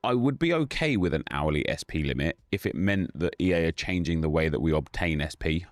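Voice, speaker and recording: A man's voice: a bass voice, lively intonation, fairly quick, dry recording, studio quality. A man hosting a gaming live stream, casually greeting viewers by name in a loose, chatty way.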